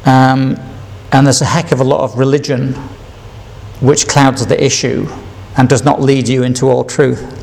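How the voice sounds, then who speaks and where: Gravelly older man telling his testimony. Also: medium pitch, fairly even intonation, moderate pace, a little mellow. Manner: rambling, repeats himself, chuckles between stories. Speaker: speaker sharing his testimony. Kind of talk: personal testimony storytelling.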